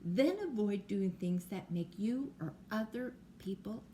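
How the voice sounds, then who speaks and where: A woman doing a calm patient mother. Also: medium pitch, unhurried, a little hiss or hum, close to an everyday voice. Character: calm patient mother advising her daughter.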